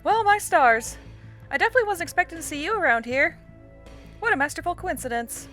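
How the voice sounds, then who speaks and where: A woman's voice: very high voice, lively intonation, brisk, a bit bright, faint music behind, voice pushed up. A woman voicing a cheerful, tough country troll girl in a put-on Southern drawl, folksy in manner. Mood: cheery. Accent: put-on American Southern.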